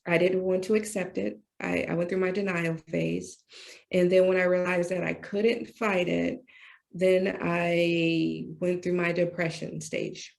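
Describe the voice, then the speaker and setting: A middle-aged American woman talks through her story as an interview guest, with a low voice full of gravel. Her delivery is animated and conversational, and she slips into other voices as she acts out scenes. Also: a little slow. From United States. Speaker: interview guest, retired doctor and poet.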